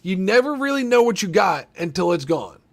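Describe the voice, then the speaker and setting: A man hosting a casual trailer reaction, talking in a rambling, profane, excitable way with lots of restarts. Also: high voice, brisk, creaky. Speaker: movie reaction host.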